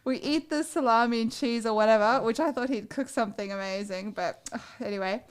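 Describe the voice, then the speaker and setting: Profane, animated woman co-host in casual chat, pitched somewhat high. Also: brisk, clear, resonant tone. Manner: blunt, profane, animated storyteller. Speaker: co-host of a dating advice show.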